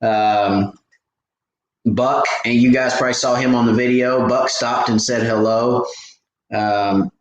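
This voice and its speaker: Folksy fishing host, roomy sound. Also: male voice, medium pitch, steady tone, takes it slowly. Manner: rambling, folksy, lots of fillers and restarts. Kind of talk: casual live stream chat. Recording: echoey room with faint background noise.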